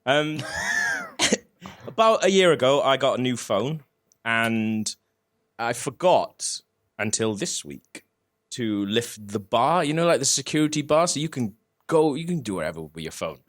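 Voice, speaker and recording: A man's voice: mid-range voice, animated, a little slow, fairly bright tone. A man from Wales hosting a live comedy podcast on stage, telling a story in a sweary, laughing, self-mocking way. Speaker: podcast host. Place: live stage in front of an audience.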